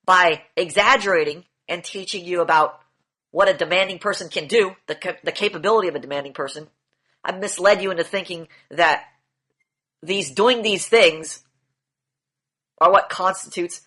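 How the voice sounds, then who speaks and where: A man's voice: high voice, normal speed, pushed and bright. A man coaching a group in an online session, lecturing bluntly, repeating key phrases and swearing now and then. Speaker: demand training coach.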